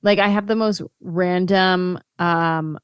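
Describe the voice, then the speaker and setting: A woman comedian chatting as a guest on a podcast, telling stories and acting out other people's lines in a lively way. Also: lowish voice, slow pace, clean tone, dry recording, clean studio sound. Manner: lively storyteller who acts out other people. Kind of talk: casual podcast chat.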